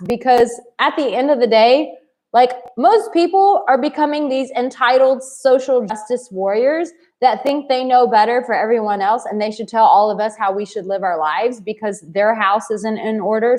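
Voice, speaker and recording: A woman's voice: medium pitch, a little mellow. A woman in her late thirties, a dating coach talking in a live stream, blunt and effusive as she reads viewers' comments aloud. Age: 30s. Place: home in Bali.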